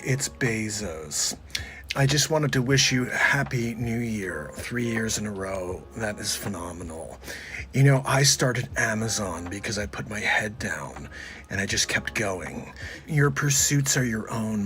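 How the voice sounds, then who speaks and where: A man doing a comic impression of a driven male retail billionaire giving a slow, emphatic pep talk. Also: fairly low pitch, animated, a bit bright. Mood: motivating. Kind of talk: comedic celebrity impression.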